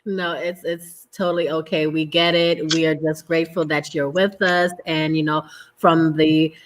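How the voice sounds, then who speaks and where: A woman's voice: low voice, flat delivery, moderate pace, slight background noise. Effusive female interview host, casual and gushing.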